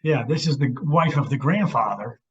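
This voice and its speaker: A man's voice: medium pitch, moderate pace, slightly rough. A middle-aged man and podcast co-host chatting casually, reacting to his friend's stories and adding his own comments. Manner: encouraging listener who reacts and chimes in. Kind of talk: casual chat. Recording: dull lo-fi podcast recording.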